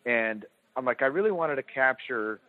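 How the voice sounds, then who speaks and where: A man's voice: mid-range voice, animated, moderate pace. A man tells a story in an easy, candid way, playing down his own part in it. He is a filmmaker speaking as a guest on a podcast. His voice comes through a thin, phone-like line. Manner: candid, self-deprecating storytelling. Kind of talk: casual podcast chat.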